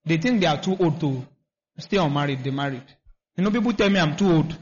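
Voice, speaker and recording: A man's voice: high voice, lively intonation, fast. A man preaching a sermon, repeating himself and asking the congregation to finish his lines. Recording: dull lo-fi recording.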